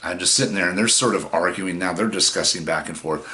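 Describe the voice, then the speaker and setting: Low-voiced man telling a rambling story. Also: fast talker, sharp tone. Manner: rambling, profane, many fillers. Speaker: vlogger. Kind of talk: casual storytelling.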